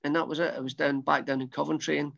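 Gravelly Scottish man telling old stories. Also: a little high, little pitch movement, fast, a bit bright. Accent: Scottish, softened. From Scotland. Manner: rambling, repeats words, restarts often. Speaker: former footballer, guest. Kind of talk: casual storytelling interview. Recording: dull lo-fi sound.

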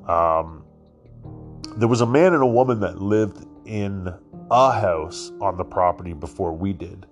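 A man's voice: low-pitched, unhurried, faint music behind. A male podcast host telling a personal story casually, rambling and swearing, with lots of fillers and restarts.

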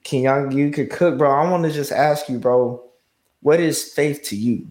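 A man's voice: medium pitch, normal speed, darkish tone. A man hosting a podcast, talking loosely and slangily, peppering his speech with "bro" and "you know what I'm saying". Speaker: podcast host leading the topic. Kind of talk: casual podcast talk.

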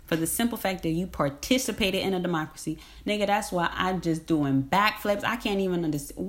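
A woman's voice: lowish voice, fairly quick, few pauses. A woman talking in a casual, rambling monologue. She is emphatic and slangy, laughs often, and repeats herself.

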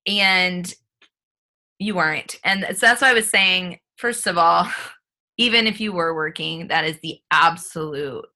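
A woman host speaking slowly and sympathetically, leaning on soft "um" pauses. Her voice is bright and forceful, a little on the low side. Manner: slow, sympathetic, gentle fillers. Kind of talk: casual chat.

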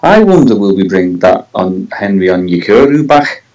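A man's voice: low voice, sing-song, normal speed, darkish tone, rough recording. A man with a Scouse accent, co-hosting a casual football podcast, hesitant and full of tag questions. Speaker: podcast co-host.

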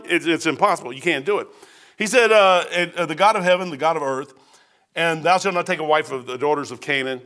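A man delivers a sermon from the pulpit. His voice sits high and sounds bright and forceful. He speaks bluntly and slips into other people's voices when he quotes them. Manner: preachy, blunt, quoting people in put-on voices. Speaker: pastor.

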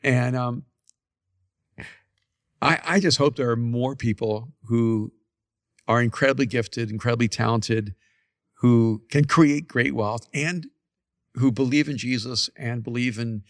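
A man's voice: mid-range voice, a little slow, long pauses, dry recording, studio quality. A man, a pastor, talking earnestly and reflectively in a casual podcast conversation, recorded in a church's main room. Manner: earnest, reflective, stammers on restarts.

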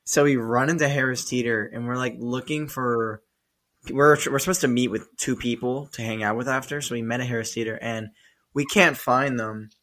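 A man's voice: medium pitch, normal speed. A young man, a podcast co-host, telling stories in casual chat, swearing often and laughing along. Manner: swears often, animated storyteller, laughs mid-story.

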